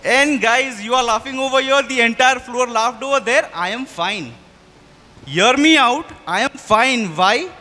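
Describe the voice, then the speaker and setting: A young male storyteller with a very high, bright voice addresses his listeners directly. He is chatty and animated, slowing down and speeding up for effect. The sound carries a long hall reverb. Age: young adult. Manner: animated, shifts pace for effect. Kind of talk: live storytelling performance.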